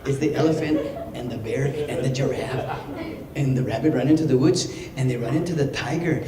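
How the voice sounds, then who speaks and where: A man's voice: medium pitch, brisk, a crowd in the background. A man, a boisterous entertainer telling a joke and laughing at it. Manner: boisterous, laughs at own jokes. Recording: echoey hall with loud background noise.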